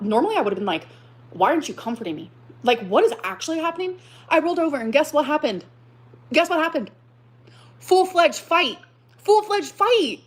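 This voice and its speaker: A woman on a livestream telling how she was hurt, swearing often and repeating lines for effect. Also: on the high side. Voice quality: exaggerated dramatic repetition. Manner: profane, aggrieved, rising to outbursts. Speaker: livestreamer telling her story. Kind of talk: emotional venting on a livestream.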